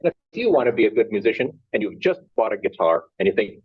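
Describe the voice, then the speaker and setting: A man's voice: lowish voice, very animated, quick pace, husky. A man giving short spoken instructions. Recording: dull, lo-fi recording.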